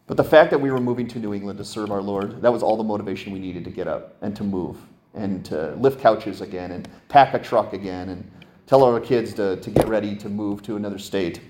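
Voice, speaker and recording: A middle-aged male pastor preaching a sermon, telling stories with sudden jumps up in pitch for emphasis. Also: a little hiss or hum. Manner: animated storytelling, voice jumping up for emphasis.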